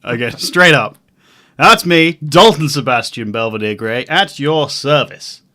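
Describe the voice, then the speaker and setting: A man's voice: medium pitch, lively intonation, measured pace, sharp tone. A man voicing a pompous adventurer who announces himself grandly at a tabletop game. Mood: triumphant.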